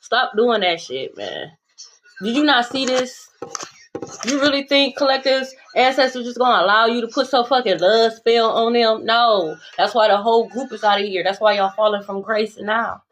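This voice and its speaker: A woman's voice: on the high side, moderate pace, a bit bright, slight background noise. A young adult woman giving a casual tarot reading monologue, blunt, profane and sassy, repeating phrases for emphasis. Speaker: tarot reader.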